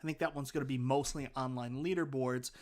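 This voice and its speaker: This livestream host has a mid-range, slightly mellow voice with fairly even intonation, and he talks a little fast. With a Newfoundland accent, he rambles enthusiastically in casual live chat, reading viewer comments and thanking people.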